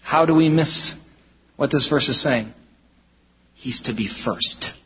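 A man preaching a sermon from the United States, in an emphatic style that swings between loud exclamations and low, intense statements. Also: slow, slightly rough. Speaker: pastor. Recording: hall reverb.

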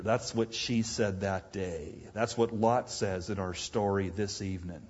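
Male preacher, husky, highly animated delivery, acts out voices mid-sermon; muffled lo-fi sound. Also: unhurried, hardly any pauses.

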